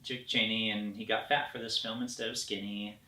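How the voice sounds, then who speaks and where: A frank, opinionated man talking through a film review. His voice has a bright edge and is picked up from some distance. The recording sounds echoing and roomy. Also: on the low side, level tone, a little fast. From United States. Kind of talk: casual film review chat.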